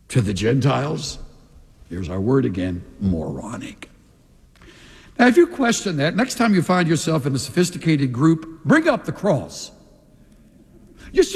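Husky man preaching in a reverberant hall. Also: medium pitch. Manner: animated preaching, acting out quoted voices. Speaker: pastor. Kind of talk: sermon. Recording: long reverb of a large hall.

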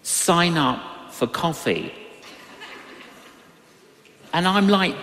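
A man preaching a sermon, telling personal stories with animated swings in his voice. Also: takes it slowly, roomy sound, big-room sound. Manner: animated storytelling with big pitch swings.

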